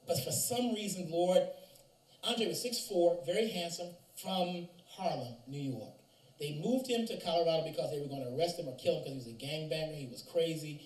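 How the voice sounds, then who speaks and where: A man preaching at a chapel service, telling a long story with animated delivery and acting out the voices of the people in it. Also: on the high side, fairly quick. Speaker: chapel speaker. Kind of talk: storytelling sermon. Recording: roomy echo from distance, faint ambience.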